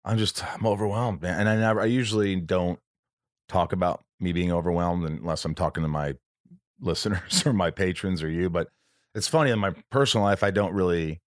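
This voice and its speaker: Podcast host, male, very low voice, dry close sound, rambling and emotional. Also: dry recording. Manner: emotional, rambling, does quick voices of friends. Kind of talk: casual chat.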